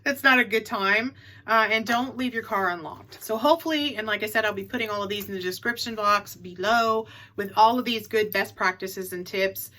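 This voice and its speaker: A woman's voice: mid-range voice, normal speed, sharp tone. A middle-aged woman in a casual advice vlog, chatty and repeating her key tips for emphasis. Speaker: reseller vlogger.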